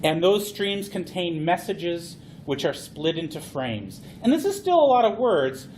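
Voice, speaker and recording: A man gives a playful, animated conference talk. His voice sits high for a man, and he tells his points like a story. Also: unhurried, slight background noise. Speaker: conference speaker.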